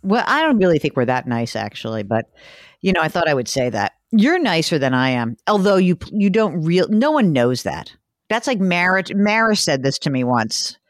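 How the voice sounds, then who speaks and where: A woman hosting a podcast, talking in a lively, chatty way with quick asides. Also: on the low side, dry recording, studio quality. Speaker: podcast host, financial analyst. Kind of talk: casual chat.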